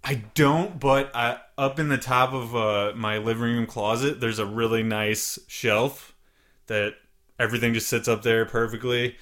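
A man's voice: mid-range voice, little pitch movement, unhurried, a bit bright. A man co-hosting a podcast with a loose, rambling way of talking. He swears casually and drifts between thoughts in easygoing chat. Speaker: podcast co-host.

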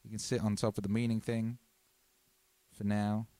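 A man's voice: lowish voice, little pitch movement, normal speed, warm tone, no echo. A man hosting a livestream, chatting casually in a laid-back, slangy, rambling way. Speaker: livestream host.

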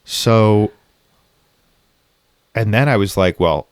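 Male guest, low register, confessional and profane, dry close-miked sound. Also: takes it slowly, smooth, no room sound. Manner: raw, reflective, frequently profane. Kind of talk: candid personal storytelling in conversation.

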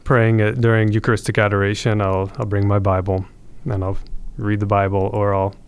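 A man's voice: lowish voice, level tone, brisk, smooth. A man, a podcast guest, telling his conversion story in an earnest, reflective way with frequent restarts.

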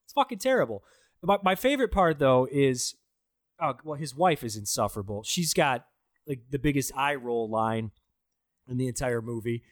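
A man's voice: medium pitch, animated, normal speed, no room sound, studio quality. A man in casual podcast chat, reviewing a bad movie with profane, sarcastic jokes. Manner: profane, sarcastic, mocking impressions.

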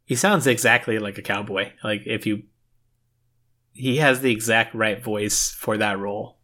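A man's voice: lowish voice, fairly even intonation, a little slow, sharp tone. A young adult man co-hosting a podcast, chatting in a laid-back, joking way about a film. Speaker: podcast co-host. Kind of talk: casual film chat.

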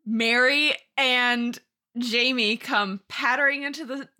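Playful young woman cohost, bright voice, reads bits from the book and laughs a lot. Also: a little high, fairly even intonation, takes it slowly. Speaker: podcast co-host. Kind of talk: casual book-club chat.

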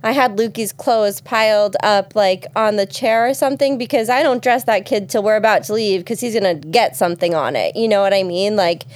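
A woman co-hosting a podcast in casual chat, who throws in quick jokes and laughs often. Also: medium pitch, no echo. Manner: quick, joking interjections with frequent laughter. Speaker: podcast co-host.

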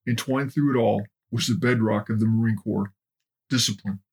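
A man narrating a documentary in a steady, measured way. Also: on the low side, breathy edge. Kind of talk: documentary narration with book readings.

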